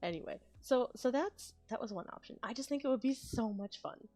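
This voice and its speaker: A woman with a higher-pitched, lively voice talks a little fast as she chats casually on her ASMR stream. She rambles, thinks out loud, starts over, and lets out soft laughs.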